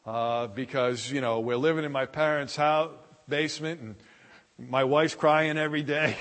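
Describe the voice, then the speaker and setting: Pastor preaching in a reverberant hall. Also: male voice, mid-range voice, moderate pace. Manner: warm storytelling with many restarts and fillers. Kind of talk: sermon. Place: church sanctuary.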